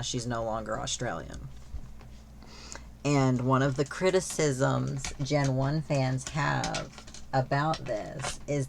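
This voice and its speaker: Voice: mid-range voice, creaky, a little hiss or hum. A streamer chatting casually while gaming, rambling with lots of fillers and freely swearing.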